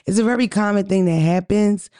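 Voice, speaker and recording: A woman co-hosting a podcast in casual chat, telling stories in a blunt, profane, animated way. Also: medium pitch, fairly quick, dry recording, studio quality. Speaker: podcast co-host.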